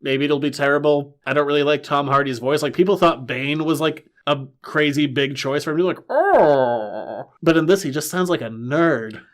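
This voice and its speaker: A man's voice: fairly high pitch, fairly even intonation, a bit bright. Wry, dismissive podcast co-host man. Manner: wry, dismissive, quick asides. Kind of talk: casual pop culture chat.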